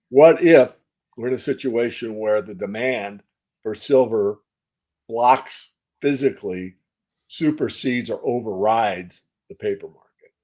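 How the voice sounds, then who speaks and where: A man's voice: lowish voice, mellow. A man as an interview guest, speaking emphatically and posing rhetorical questions. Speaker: guest analyst. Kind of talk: interview answers.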